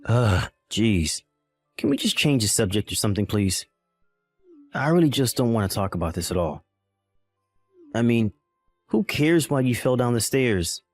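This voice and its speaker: A man's voice: mid-range voice, animated, normal speed, long pauses, darkish tone, soft background music. A man playing a dismissive, callous young husband in a voiced text-message drama, irritated and condescending.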